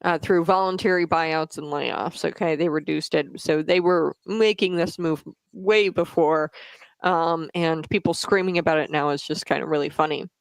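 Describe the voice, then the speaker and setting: Female talk host, casual political commentary, raspy fry-edged voice, loose and chatty delivery. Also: low voice, fairly even intonation, normal speed, no echo. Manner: chatty, frequently tags "okay?"; stumbles over names.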